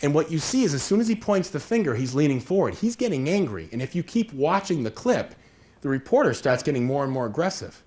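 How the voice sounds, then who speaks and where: A man's voice: on the high side, big pitch swings, fast, darkish tone. A man giving a conversational workshop presentation, acting out little scenes with quoted voices as he explains. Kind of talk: live workshop talk.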